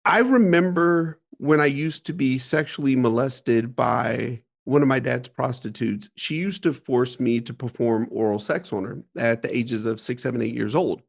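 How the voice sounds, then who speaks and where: Gravelly man telling a painful story. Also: medium pitch, normal speed, hardly any pauses. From Ohio, USA. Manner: earnest, emphatic, laughs through hard memories. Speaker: podcast guest, entrepreneur. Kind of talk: candid storytelling interview.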